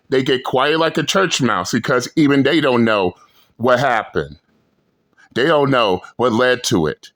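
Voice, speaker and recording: Slow, emphatic man ranting. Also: medium pitch, fairly bright tone. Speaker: channel host reacting to clips. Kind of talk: reaction commentary.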